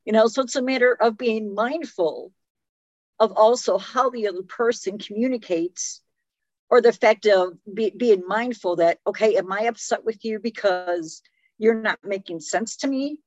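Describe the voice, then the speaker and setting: A woman's voice: mid-range voice, normal speed, a little mellow, dry recording, highs cut off. A woman talking reflectively in a casual conversation. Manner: reflective, conversational, many fillers. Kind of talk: casual conversation about relationships.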